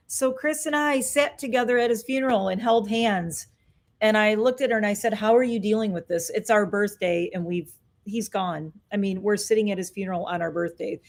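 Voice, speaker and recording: A woman's voice: mid-range voice, warm tone. A woman in her fifties, a beauty vlogger chatting candidly and reflectively through her skincare routine. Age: 50s. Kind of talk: casual chat during a skincare routine.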